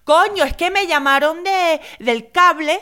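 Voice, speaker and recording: A woman's voice: extremely high pitch, normal speed, pushed and bright, voice pushed up. A woman voicing her older mother, who mixes Spanish and English while flustered on a scam call.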